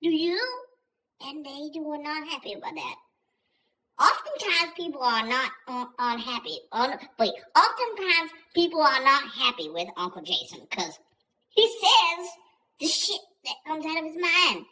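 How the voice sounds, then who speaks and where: A man's voice: extremely high pitch, big pitch swings, unhurried, pushed and bright, exaggerated voice, poor audio. A man doing a profane, rambling comic vlog story in the voice of a foul-mouthed old grandma. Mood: rowdy, profane. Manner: profane, rambling, self-interrupting. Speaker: YouTuber.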